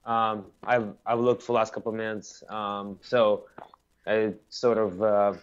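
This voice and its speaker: A man judging a pitch over a video call, hedging his feedback with hesitant pauses. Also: little pitch movement, clean tone. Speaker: pitch contest judge. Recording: dull lo-fi video call audio.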